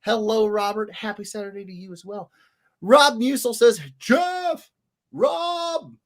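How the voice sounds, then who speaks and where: A man's voice: sits high, moderate pace. A man hosting a casual livestream, animatedly reading viewer comments aloud with sing-song greetings. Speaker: livestream host, illustrator.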